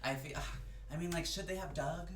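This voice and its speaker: A podcast host keeps the conversation going with quick, joking reactions and interjections. The voice sits at a mid pitch, and the talk is loose and casual. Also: a bit bright, soft background music. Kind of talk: casual chat.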